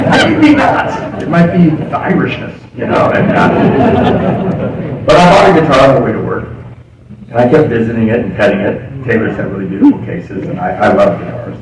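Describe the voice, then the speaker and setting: Older guy telling his recovery story for laughs, bouncy voice, far off in a boomy hall. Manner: humorous storyteller, laughs often at his own lines. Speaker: AA speaker. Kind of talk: personal recovery story told to a meeting. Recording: echoey hall recorded from far off, with noise.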